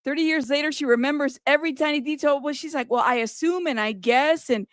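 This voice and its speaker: A woman hosting a livestream, giving animated, exasperated commentary on a trial. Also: high voice, fast talker, no room sound, studio quality. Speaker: livestream host. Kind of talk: live commentary.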